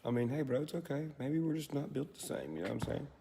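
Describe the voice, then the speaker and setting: A man in a played clip talks in a relaxed, slangy way and swears casually. His voice is gravelly with plenty of fry. A faint hiss sits under him. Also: mid-range voice, fast. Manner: laid-back, profane, talks to the viewer as "bro".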